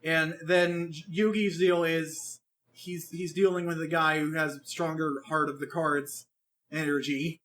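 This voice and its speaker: A man co-hosting a podcast, chatting casually in an animated, rambling way, with lots of swearing and restarts. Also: on the high side, measured pace. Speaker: podcast co-host reviewing an anime. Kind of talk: casual chat.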